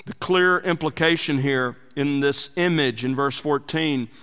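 A man's voice: a little high, unhurried, fairly bright tone, smooth, in a large hall. A man preaching an expository sermon, teaching verse by verse with emphatic rises and drops for emphasis. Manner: emphatic, rising and falling for emphasis. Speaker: pastor.

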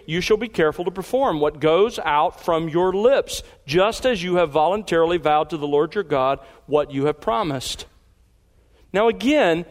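A man's voice: high-pitched, long reverb tail. A man preaching an expository sermon, reading scripture aloud and pressing key points with emphatic rises. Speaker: pastor.

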